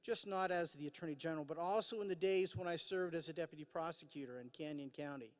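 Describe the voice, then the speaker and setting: A high-voiced man in his fifties delivers a formal commencement address at a podium mic. He sounds earnest, with frequent "uh" fillers and dry self-deprecating humor. His voice rings out with a long reverb in a large hall. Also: quick pace. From Idaho, USA. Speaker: commencement speaker. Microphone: podium microphone.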